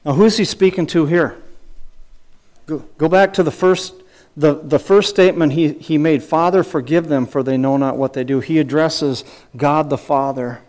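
A man's voice: on the high side, normal speed, a little mellow. A middle-aged man preaching a sermon, asking questions and quoting scripture, with frequent restarts and small chuckling asides. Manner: earnest teaching with rhetorical questions and scripture quotes. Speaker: pastor.

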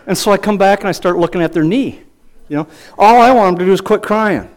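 An older male pastor with a fairly high voice delivers a sermon like a friendly chat. He moves from reading scripture to homespun stories, repeating words and restarting sentences as he goes. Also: quick pace. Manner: storytelling, animated when acting out his father's yelling; folksy, conversational, repeats words.

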